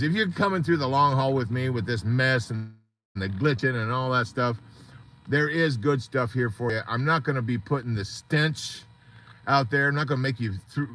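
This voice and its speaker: Gravelly, bright-voiced man rambling on a live stream. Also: medium pitch. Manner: earnest, motivational, rambling. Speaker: support group host.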